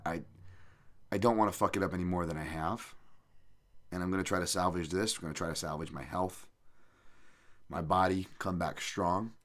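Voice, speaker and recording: A man hosting his own podcast with a somewhat low voice. He rambles casually, swears freely and pokes fun at himself. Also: fairly bright tone. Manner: rambling, profane, self-deprecating. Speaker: podcast host.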